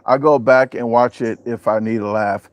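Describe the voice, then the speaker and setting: A man's voice: medium pitch, fairly even intonation, moderate pace, no echo. Joking, rambling man. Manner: joking, rambling, with a southern-US way of talking. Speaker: channel host reading viewer comments. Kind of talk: casual live chat. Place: home, showing a backyard on camera.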